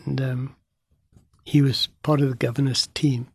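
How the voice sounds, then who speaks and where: A man, a pastor from Africa, telling a story in an animated way and acting out the dialogue. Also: mid-range voice, a little slow, vocal fry, husky, no room sound, studio quality. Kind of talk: storytelling testimony in an interview.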